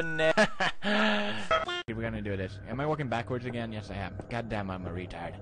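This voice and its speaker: A man's voice: fairly low pitch, a little fast, pauses often. A young adult man doing let's play commentary, switching between frantic screaming and yelping and silly voices. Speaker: gaming commentator. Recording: loud background noise.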